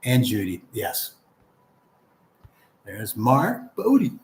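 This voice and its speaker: A man's voice: mid-range voice, wildly swooping pitch, extremely slow, roomy sound. A man hosting a casual livestream, reading viewer comments aloud in a friendly, rambling way. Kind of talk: casual live chat.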